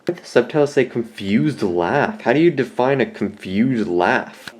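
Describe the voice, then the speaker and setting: A man's voice: medium pitch, lively intonation, measured pace, darkish tone. A man giving a casual, rambling and jokey review of a show at home, often correcting himself. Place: at home with a cat on his lap.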